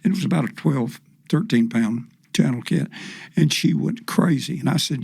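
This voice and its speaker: Older man, gravelly voice, rambling folksy storytelling, podcast guest. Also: mid-range voice, moderate pace, darkish tone, dry recording. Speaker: podcast guest, professional fisherman. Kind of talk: storytelling in casual chat.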